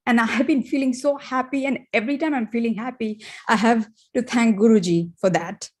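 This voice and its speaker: Woman, fairly high voice, emotional testimony given through tears, heartfelt storytelling. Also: a little fast. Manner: emotional, tearful, warm storytelling. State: close to tears. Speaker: participant sharing testimony. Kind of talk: personal spiritual testimony.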